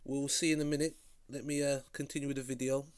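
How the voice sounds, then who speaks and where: A man hosting a video reaction, talking critically in a halting way and often repeating words. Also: mid-range voice, level tone, clear, resonant tone, dry recording. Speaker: vlog host reacting to a clip. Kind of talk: casual reaction commentary.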